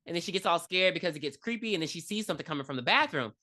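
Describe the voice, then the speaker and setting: Podcast co-host, female, lively bright voice, swears freely, acts out scenes as she recaps them. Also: on the low side, racing. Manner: profane, animated, acts out characters in her retelling. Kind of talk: casual movie recap chat.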